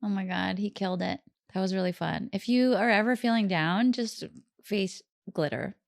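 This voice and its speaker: A woman's voice: mid-range voice, normal speed, creaky, no room sound, studio quality. A woman chatting casually as a podcast guest, laughing often and full of fillers. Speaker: guest musician. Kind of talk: casual chat. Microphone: studio mic.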